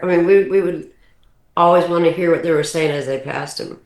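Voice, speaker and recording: A woman in her sixties, guesting on a podcast, tells family stories in an animated, rambling way, restarting often. Her lowish voice runs a little fast, and the recording has a roomy echo.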